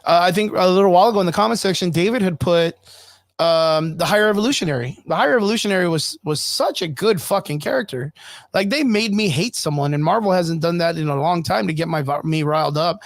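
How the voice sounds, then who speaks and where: A man's voice: high voice, quick pace, dry recording. Rambling, cursing man on a podcast. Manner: rambling, profane, animated fan rant. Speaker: podcast co-host. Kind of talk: casual chat.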